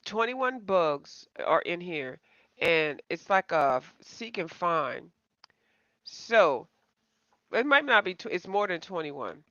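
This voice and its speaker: Bright, rambling woman chatting to viewers. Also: lowish voice, big pitch swings, takes it slowly, no echo. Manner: self-deprecating. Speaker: coloring channel host. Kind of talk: casual live-stream chat. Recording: slightly dull, dry home recording.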